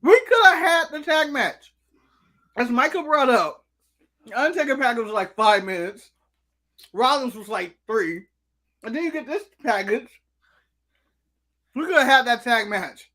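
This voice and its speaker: A man from the United States with a high, bright voice co-hosts a casual live stream. He rants with animated energy, munching food between points. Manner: animated ranting, snacking while talking. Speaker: co-host.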